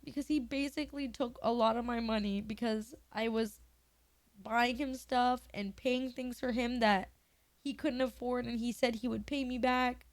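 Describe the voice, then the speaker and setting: A woman's voice: a little high, fairly even intonation, normal speed, no room sound. A young woman streamer in her twenties chatting candidly and emotionally with her viewers, swearing casually.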